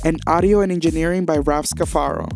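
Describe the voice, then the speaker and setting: A man's voice: fairly high pitch, quick pace, gravelly, darkish tone, faint music behind. A man hosting a podcast, chatting bluntly and animatedly and laughing often. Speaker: podcast host and executive producer. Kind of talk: casual chat.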